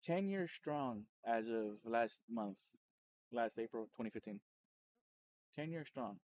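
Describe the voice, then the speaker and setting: A man, a streamer and podcast host, telling his story in a loose, rambling way, full of restarts and self-corrections, and getting animated when he retells exciting moments. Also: medium pitch, slow. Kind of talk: casual personal storytelling.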